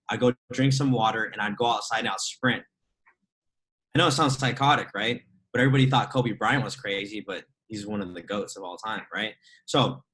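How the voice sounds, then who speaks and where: A man's voice: medium pitch, rough recording. Chatty young man on a motivational call. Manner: energetic, chatty, laughs often, fillers like "right?" and "like". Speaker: trading mentor speaking to a group call. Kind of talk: motivational talk on a group call.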